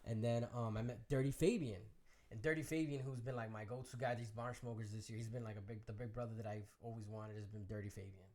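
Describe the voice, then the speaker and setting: Chicago man, DJ guest, fast and animated storyteller. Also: on the low side. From Chicago area. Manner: animated storyteller, acts out quoted voices. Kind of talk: casual interview storytelling.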